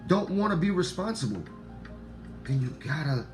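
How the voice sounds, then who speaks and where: A man with a deep voice and a Black way of talking lectures his viewers, repeating lines and swearing as he goes. His voice jumps from loud outbursts to low, muttered asides. Faint music plays under him. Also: very animated, normal speed. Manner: swings between loud outbursts and low murmurs. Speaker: online talk host. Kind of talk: casual monologue to viewers.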